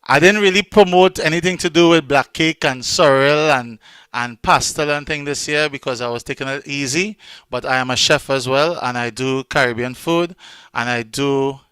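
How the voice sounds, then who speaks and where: A man's voice: medium pitch, moderate pace, a bit bright, clean tone, no echo. A man with a Trinidadian accent hosting an online celebration, chatting loosely and joking, with plenty of fillers, over a video call. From Trinidad and Tobago. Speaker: event host. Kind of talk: casual online event hosting.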